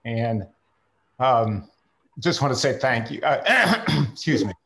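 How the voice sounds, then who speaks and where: A man's voice: medium pitch, big pitch swings, slow pace, fairly bright tone. A middle-aged father giving earnest, stumbling thanks on a video call. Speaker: father of a hockey player.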